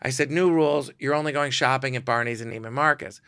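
Middle-aged guy telling wild stories, gravelly voice, dry close sound, acts out everybody. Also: medium pitch, fast talker, no echo. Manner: animated, acts out quoted voices. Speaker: guest storyteller, celebrity photographer. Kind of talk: casual storytelling.

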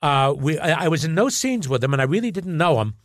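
Guy rambling thru showbiz stories, lively up-and-down voice, kinda high, dry close mic. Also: fairly quick, dry recording. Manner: animated, repeats words, acts out quotes. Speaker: guest actor telling stories. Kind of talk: casual storytelling chat.

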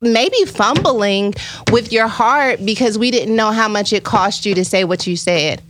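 A woman's voice: medium pitch, unhurried, fairly bright tone, a little hiss or hum. A woman co-hosting a casual chat, telling personal stories in a reflective way and laughing easily.

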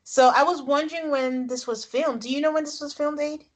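A woman with a somewhat high voice co-hosts a casual podcast. She tells the episode's events in an animated, chatty way, walking through who said what. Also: a little fast. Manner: animated storytelling, frequent laughs. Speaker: podcast co-host. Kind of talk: casual recap chat.

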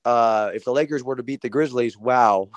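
Halting male caller to sports radio. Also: mid-range voice, no room sound. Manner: halting, full of restarts and fillers. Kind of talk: casual call-in chat.

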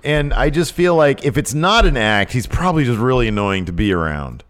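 A man co-hosting a casual chat show, animated and joking, his voice jumping high when he gets excited. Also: a little fast. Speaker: podcast co-host.

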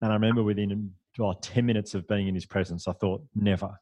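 A man who is a podcast guest, telling stories in a lively, chatty, self-deprecating way. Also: on the low side, fast, no echo. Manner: animated, chatty, self-deprecating, with fillers and laughs. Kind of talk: conversational storytelling.

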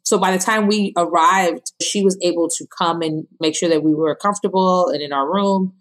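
Woman, thirties, podcast guest, animated storyteller, lowish voice, lively quotes. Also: moderate pace. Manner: animated storyteller who acts out quotes in a high voice and laughs. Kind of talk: telling her birth story.

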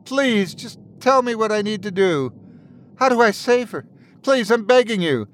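A man's voice: high-pitched, animated, unhurried, fairly bright tone, slight background noise, pitched above the performer's own voice. A man doing a sobbing, pleading old man. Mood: desperate pleading. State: crying, pleading. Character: grieving old man begging a spirit.

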